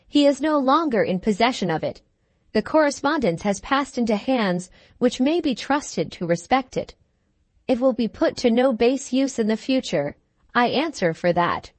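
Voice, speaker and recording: A woman voicing a wronged young woman who speaks gently, steadily and firmly. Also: fairly high pitch, animated, moderate pace, dry recording. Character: wronged young woman, calm, patient and firm.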